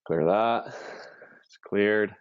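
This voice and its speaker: A man co-hosting a live online session, quietly talking through the steps of his process. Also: extremely slow, smooth, no echo. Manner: low-key, murmurs steps to himself. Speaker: co-host, practitioner. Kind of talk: live-stream session narration. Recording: dull lo-fi stream audio, dry.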